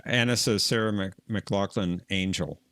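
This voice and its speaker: A man's voice: on the low side, a little slow, a bit bright, clean tone. A man co-hosting a live stream, laid-back and brief, reading out chat comments. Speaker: stream co-host.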